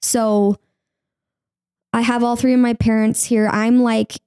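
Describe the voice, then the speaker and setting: Young woman guest, creaky mellow voice, candid and chatty, close dry podcast mic. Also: fairly high pitch, little pitch movement, takes it slowly, no room sound. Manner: candid, heavy use of "like", acts out her own past words. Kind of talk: emotional personal interview.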